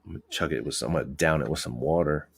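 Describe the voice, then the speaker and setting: Deep-voiced cop rambling. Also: male voice, very fast, gravelly, husky. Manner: rambling, profane, many restarts. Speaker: police officer. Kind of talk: casual podcast storytelling.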